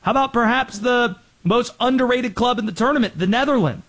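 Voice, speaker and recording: A man hosting a sports show, talking through college football and the World Cup with energetic commentary. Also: extremely high pitch, brisk.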